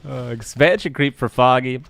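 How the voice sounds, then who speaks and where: Joking Canadian caster with a lowish voice. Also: male voice, expressive, moderate pace. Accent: West Coast Canadian. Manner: joking, laughs often, answers chat questions. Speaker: esports caster. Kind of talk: live game commentary with chat banter.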